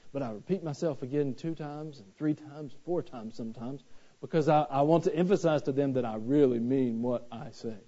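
Folksy preacher, mellow lo-fi. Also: male voice, medium pitch, husky. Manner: folksy, conversational preaching with humor. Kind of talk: sermon. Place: church sanctuary. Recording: dull lo-fi church recording.

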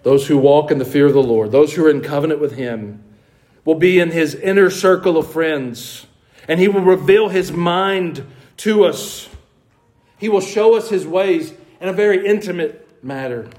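A pastor preaches conversationally in his church sanctuary, asking the congregation questions and putting on mock voices punctuated by wry asides. His pitch is fairly high and his pace normal, with a slightly mellow quality, though the recording is rough.

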